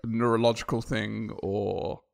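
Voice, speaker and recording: A man's voice: on the low side, little pitch movement, a little slow, gravelly. A man, co-hosting a podcast and thinking aloud with many restarts in casual chat. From Australia. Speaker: podcast co-host.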